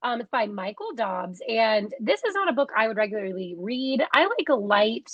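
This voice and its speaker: A young woman co-hosting a casual podcast chat, talking in a chatty way with quick asides and frequent laughs. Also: a little high, very animated, fairly bright tone, no room sound, highs cut off. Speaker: podcast co-host.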